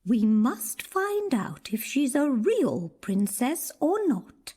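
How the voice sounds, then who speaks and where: A woman's voice: high voice, sing-song, slow pace, mellow, slightly rough, no echo, full character voice. A woman voicing a bossy, fussy fairy-tale queen in a cartoon, with a sing-song delivery. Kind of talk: cartoon voice acting.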